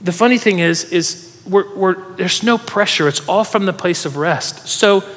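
A high-voiced pastor takes his time, telling lively stories and rallying the congregation to join in during a sermon. His words echo through a large church hall, trailed by a long reverb.

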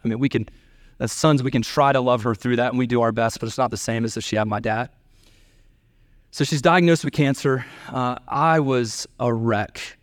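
A middle-aged man delivers a sermon as his church's pastor, recounting a family story with earnestness and pitching his voice up to play the people he quotes. The recording is dry and studio quality.

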